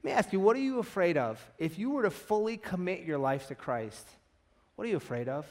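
A man's voice: high-pitched, a little fast. A man pastor preaching a sermon, telling stories and acting out the voices in them. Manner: animated storytelling, acts out quoted voices.

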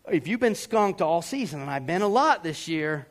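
A man from Georgia, preaching a sermon as a pastor, telling a story with animated acted-out voices. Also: on the high side, moderate pace. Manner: animated, acts out voices and yells for effect.

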